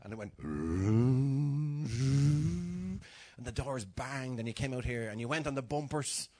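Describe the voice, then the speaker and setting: Slowly and in a darkish, medium-pitched voice, an older man from Dublin, Ireland gives an informal sermon in a church hall. His funny stories are chatty and self-deprecating, with small dialogues acted out.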